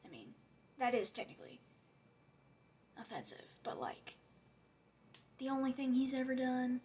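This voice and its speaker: A woman's voice: high voice, very animated, a little slow, darkish tone, slight background noise. A woman giving a casual, rambling rant as a commentary vlogger, sarcastic and often dropping to a whisper.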